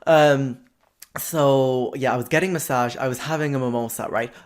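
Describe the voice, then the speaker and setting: A man, a podcast host telling a comic story in an exaggerated, sweary, animated way. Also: medium pitch, moderate pace.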